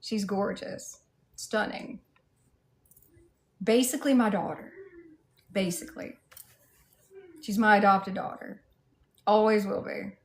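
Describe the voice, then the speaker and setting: A woman's voice: medium pitch, fairly even intonation, slow pace, long pauses, darkish tone. A woman with a Southern US accent chatting casually on a livestream, reading out viewers' comments and greeting them in a playful, sassy way. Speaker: livestreamer in cosplay.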